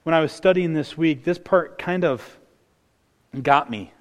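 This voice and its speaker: A young man preaching a casual, earnest sermon, often restarting his sentences and building up excitement. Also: a little high, a little slow, big-room sound.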